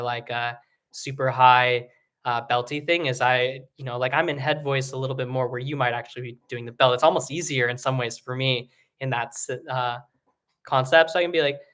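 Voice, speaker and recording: Bright-voiced male singing teacher, chatty. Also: clean tone. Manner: casual, rambling, many fillers and restarts; breaks into loud high sung demonstrations. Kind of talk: live online singing lesson.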